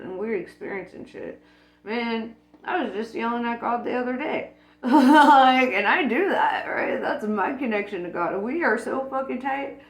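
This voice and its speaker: A woman talking casually about spirituality, blunt and profane, laughing often. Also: mid-range voice. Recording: echoey room with faint music.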